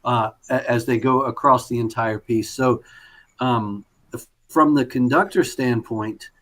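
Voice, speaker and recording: A man's voice: medium pitch, fairly even intonation, a little slow, a bit bright. A male conductor judges an audition over a video call. He praises the player at length and trips over many fillers and restarts along the way. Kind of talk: spoken feedback on a performance.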